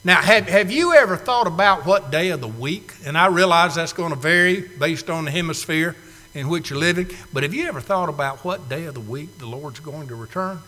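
A man preaching a folksy sermon to a congregation, swinging from loud declarations to hushed asides. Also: on the high side, lively intonation, brisk. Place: church sanctuary. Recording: long reverb of a church hall.

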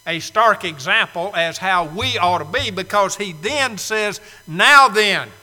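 A man's voice: high-pitched, expressive, measured pace, pushed and bright, big-room sound, faint music behind. A man preaching a sermon to a live congregation, emphatic and fond of repeating key phrases. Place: church sanctuary, live congregation.

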